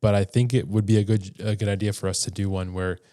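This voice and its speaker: A man's voice: lowish voice, level tone, fast talker, mellow. Rambling, chatty young podcast guy. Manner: rambling, chatty, frequent restarts. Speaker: podcast co-host. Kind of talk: casual chat.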